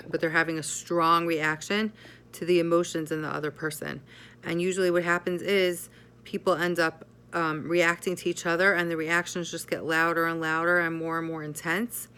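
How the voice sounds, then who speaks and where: Bright-voiced woman therapist explaining. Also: low-pitched, clean tone. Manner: measured, explanatory, often checks in with "right?". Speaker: psychotherapist. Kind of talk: explanatory talk to camera.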